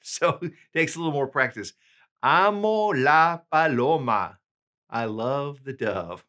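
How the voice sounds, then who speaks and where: A man teaching a language lesson, reading out examples slowly and carefully and then translating them. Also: mid-range voice, bright, forceful tone. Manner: slow, careful enunciation of examples. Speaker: language tutor.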